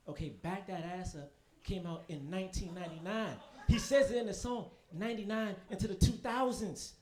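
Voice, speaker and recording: A young man with a high, bright voice doing stand-up on a comedy stage. He tells rowdy, profane stories with lots of energy and keeps throwing quick asides to the crowd. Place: comedy stage in front of a live audience.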